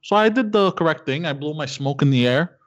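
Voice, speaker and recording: A man's voice: fairly high pitch, lively intonation, fairly quick. A man telling a rambling story in casual chat and often laughing at himself. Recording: dull lo-fi sound.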